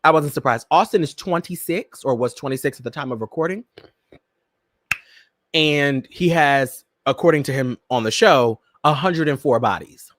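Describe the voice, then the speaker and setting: A man's voice: a little high, normal speed, dry recording. A man hosting a casual pop-culture commentary show, sassy and campy, talking to his listeners like old friends. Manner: sassy, campy, animated, addresses listeners as "girl" and "Miss Thing". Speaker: podcast host.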